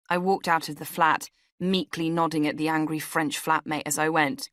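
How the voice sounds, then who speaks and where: Low-voiced woman reading her memoir. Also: level tone, moderate pace, few pauses, a bit bright, no echo, studio quality. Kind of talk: audiobook memoir narration. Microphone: studio microphone.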